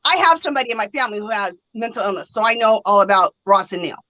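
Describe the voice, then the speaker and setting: A woman telling a story in casual chat, animated and laughing often, acting out the other people's lines. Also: mid-range voice, fast talker, no echo, low-quality recording. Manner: animated, laughs often, acts out quoted voices.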